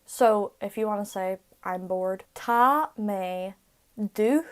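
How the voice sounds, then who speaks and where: A young woman, teaching everyday words in a casual vlog-style lesson, repeating each one slowly and carefully. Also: mid-range voice, clear, resonant tone. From Ireland. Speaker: language tutor.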